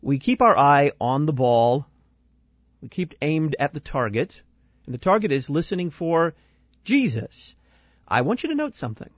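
A male host giving measured, critical commentary on a sermon. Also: fairly high pitch, big pitch swings, dry recording, highs cut off. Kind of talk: analytical commentary.

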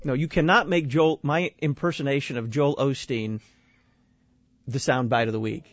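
A man's voice: mid-range voice, fairly even intonation, normal speed, dry recording, highs cut off. A man from Texas hosting a talk show and critiquing sermons. He speaks bluntly and wryly, often repeating words as he starts a point. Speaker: radio show host.

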